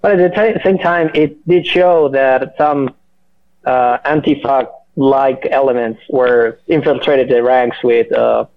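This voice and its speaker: A man in casual chat, halting and full of fillers and restarts. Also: mid-range voice, steady tone. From Mexico. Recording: muffled lo-fi audio.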